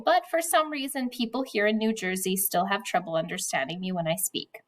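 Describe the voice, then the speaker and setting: A woman teacher with a fairly high voice explains a class task step by step. She then reads a novel chapter aloud to her pupils, pausing on the odd word with small fillers. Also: fairly bright tone. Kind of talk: classroom lesson and read-aloud.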